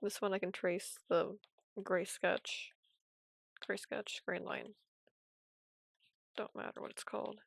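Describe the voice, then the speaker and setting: Soft-spoken woman with a gravelly voice. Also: medium pitch, flat delivery, takes it slowly, long pauses, no echo. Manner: soft, quiet, half-whispering. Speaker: animation streamer. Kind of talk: casual commentary while drawing. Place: at home.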